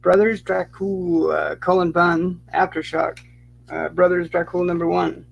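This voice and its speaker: A man's voice: sits high, flat delivery, unhurried, gravelly, breathy edge, muffled recording. A man from Utah co-hosting a casual streamed comic unboxing chat, rambling with many restarts. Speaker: podcast co-host.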